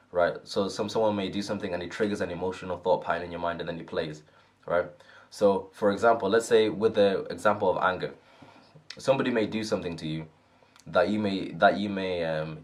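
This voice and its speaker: Man, low-pitched, earnest, casual self-help talk, repeats "right?". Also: steady tone, brisk. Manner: earnest, repetitive, often asks "right?".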